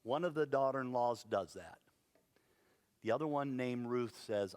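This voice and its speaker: A man preaching a sermon, telling a Bible story in a lively way with playful asides. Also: medium pitch, moderate pace, clear, resonant tone, long reverb tail. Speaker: pastor. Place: church sanctuary.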